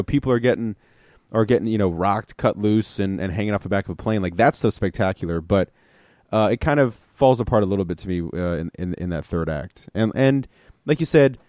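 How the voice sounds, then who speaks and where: A man co-hosting a casual podcast, talking in a rambling way with lots of fillers and animated retellings. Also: fairly low pitch, no echo, clean studio sound. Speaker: podcast co-host. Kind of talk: casual chat.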